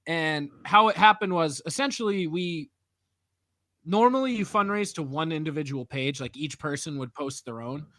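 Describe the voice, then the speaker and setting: A man's voice: fairly high pitch, moderate pace, no room sound. A man hosting a podcast in casual chat, telling a story with energy and acting out the people in it. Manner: animated storyteller, laughs often, acts out other people. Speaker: podcast host.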